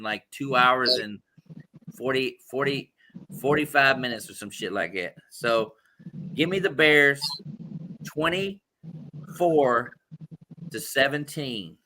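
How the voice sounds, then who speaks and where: Profane, excitable sports show host. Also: male voice, medium pitch. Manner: loud, profane, animated. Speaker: podcast host. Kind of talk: casual sports talk with profanity.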